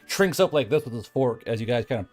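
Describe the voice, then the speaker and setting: A man runs a tabletop game, laying out each scene in an easygoing way with frequent fillers. His voice sits in a middle pitch over faint music. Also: lively intonation, fast talker, a little mellow. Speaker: game master.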